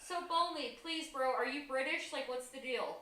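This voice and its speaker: A woman's voice: high voice, moderate pace, bright, forceful tone, reverberant, distant mic. A woman on a casual live stream, reading viewers' comments aloud and teasing them. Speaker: co-host reading chat.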